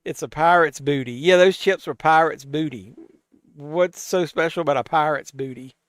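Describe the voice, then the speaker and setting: A man with a fairly high, smooth voice hosts a live stream from a home desk mic, answering chat as he goes. He is tipsy and swears freely. The sound is dry and close. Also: normal speed, no room sound. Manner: loose and profane, tipsy, reacting to chat. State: tipsy from drinking. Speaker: host of a live watch-along stream. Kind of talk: casual live-stream chat, reading chat aloud.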